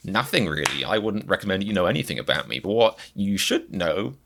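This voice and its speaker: A man's voice: deep voice, very animated, a little fast, vocal fry, fairly bright tone. A man hosting a comedic reaction video in a rambling, self-mocking way, with a mixed accent that is hard to place. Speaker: reaction channel host.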